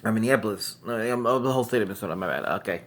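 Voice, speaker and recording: A man's voice: fairly low pitch, racing. A man casually recapping an old wrestling show, rambling and correcting himself as he goes. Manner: rambling, self-correcting, chuckles often.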